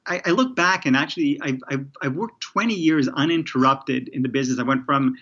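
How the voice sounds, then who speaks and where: A man's voice: mid-range voice, fairly quick, fairly bright tone. Rambling man, muffled lo-fi audio. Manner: rambling, many restarts and fillers. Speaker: TV showrunner guest. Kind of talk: casual interview conversation.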